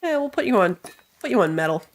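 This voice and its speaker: A woman's voice: medium pitch, sing-song, fast talker. A woman with a stuffy nose from allergies gives casual let's-play commentary. She thinks aloud as she plays, reads game text, and laughs at herself. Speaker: gamer. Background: game music.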